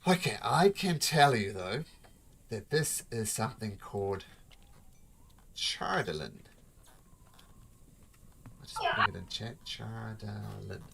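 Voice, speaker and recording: A game master narrating a tabletop game in a relaxed, halting way with many fillers. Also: mid-range voice, gravelly, a little hiss or hum.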